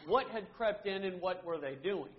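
A man's voice: sits high, animated, moderate pace, dull audio. A man teaching a Bible study class, earnestly asking questions and answering them himself, with frequent restarts.

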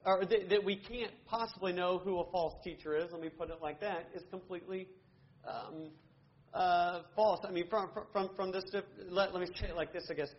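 A man's voice: sits high, fairly even intonation, moderate pace, highs cut off. A man teaching a Bible study class, earnestly asking questions and answering them himself, with frequent restarts.

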